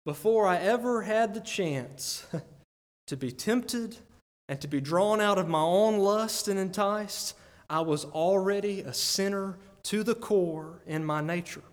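High-voiced man preaching in a reverberant church. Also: measured pace. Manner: earnest, conversational preaching with frequent "right?" asides. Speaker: pastor. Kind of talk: sermon. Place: church sanctuary.

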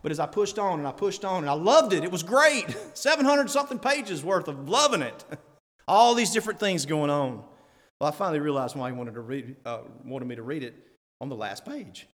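A man preaching a sermon as a church elder, animated and laughing often, rising to loud emphatic peaks. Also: on the high side, brisk. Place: church sanctuary. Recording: long reverb of a church hall.

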